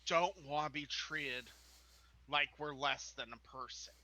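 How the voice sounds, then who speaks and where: A man co-hosting a live-streamed talk show, speaking earnestly and emphatically in measured statements. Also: fairly high pitch, steady tone, sharp tone, rough recording. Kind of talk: casual chat.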